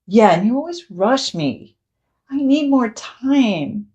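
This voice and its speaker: A woman's voice: fairly high pitch, lively intonation, slow, a little mellow, pitched above the performer's own voice. Woman doing a sulky young boy. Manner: whiny, complaining.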